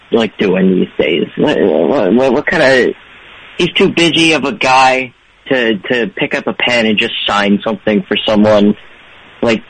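A man's voice: on the low side, slightly rough, low-quality recording. A man doing a stammering, rambling impression of the show's host. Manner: stammering repeated "what, what" openings.

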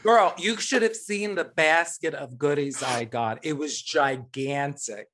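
A man's voice: a little high, unhurried, fairly bright tone, slight background noise. Chatty campy man telling stories. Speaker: guest performer. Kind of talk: casual podcast chat.

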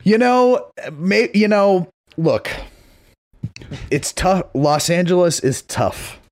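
Podcast guy from new england, gravelly voice, gets worked up, swears a bunch. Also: high-pitched, slow pace. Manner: swearing, excitable. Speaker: podcast co-host. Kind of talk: casual chat.

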